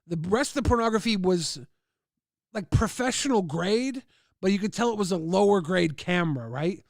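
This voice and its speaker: Male streamer, high gravelly voice, dry close sound, rambling crude storyteller. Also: normal speed, no echo. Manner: rambling crude anecdotes with many "like" fillers; acts out others' lines in raised voices. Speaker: livestream host. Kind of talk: casual storytelling.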